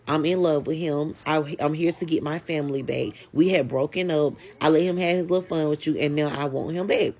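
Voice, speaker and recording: A woman tells a casual storytime. She is animated and keeps addressing her viewers directly. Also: low voice.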